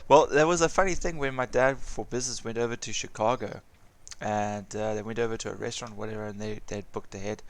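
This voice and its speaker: A man's voice: on the low side, steady tone, fast talker, gravelly. A man with a South African accent chatting casually with friends while he streams an online game, rambling and restarting his sentences. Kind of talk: casual chat while gaming.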